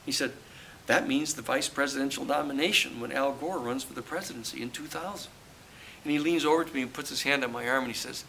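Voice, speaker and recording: An older man gives an animated book talk, telling a story and acting out the voices he quotes. His voice is gravelly and sits fairly high. A faint hiss runs under the recording. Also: poor audio. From United States. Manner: animated, acts out quoted dialogue. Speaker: lawyer and author presenting his book. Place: live audience talk at a campus venue.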